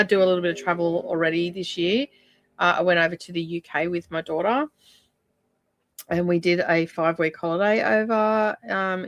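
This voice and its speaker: A middle-aged Australian woman hosts a casual crafting live stream from her home craft room. Her voice is fairly low, and the recording is dry with clean studio sound. She rambles along with plenty of ums.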